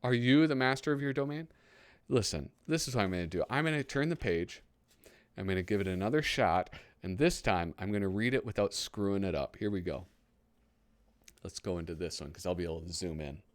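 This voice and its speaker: Chatty lively man in his thirties. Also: low-pitched, fairly quick, no echo. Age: 30s. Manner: chatty, rambling, easily excited. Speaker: host. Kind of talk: casual commentary while flipping through a magazine.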